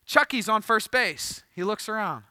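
A man's voice: sits high, moderate pace, slight background noise. A man in his thirties preaching a sermon, telling a funny story with jokes before reading scripture. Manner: storytelling, animated and joking. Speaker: pastor.

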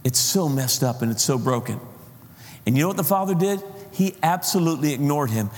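Impassioned male preacher, fairly high voice, works the congregation, long hall reverb. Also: animated, a little fast. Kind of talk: sermon.

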